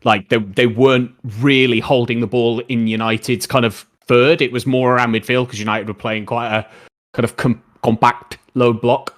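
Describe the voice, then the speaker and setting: Chatty streamer talking football. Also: male voice, medium pitch, level tone, moderate pace. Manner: rambling, opinionated football talk, reading out chat questions. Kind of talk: casual live-stream chat.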